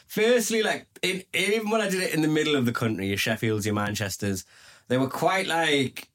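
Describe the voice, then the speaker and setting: A man's voice: a little high, a little fast. A man from Newcastle with a Geordie accent, a stand-up comedian chatting as a podcast guest and acting out quoted voices as he tells stories. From Newcastle, England. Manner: animated storyteller, acts out quoted voices. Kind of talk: casual podcast chat.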